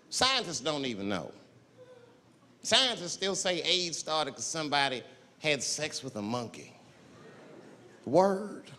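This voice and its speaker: A man's voice: high voice, slight background noise. A male stand-up comedian telling a profane story in a live show and acting out the voices in it. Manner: profane, animated, acts out voices. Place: large live venue. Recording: echoey hall with loud crowd.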